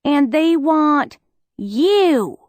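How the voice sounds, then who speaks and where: A woman reading an audiobook puts on a bright, insecure teenage schoolgirl who finally raises her voice, high-pitched and cracking with feeling. Close, dry sound with no room around it. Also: lively intonation, drawn-out words, dry recording, heavily acted. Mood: impassioned. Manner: raised, cracking, emotional outbursts. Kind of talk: audiobook character voice.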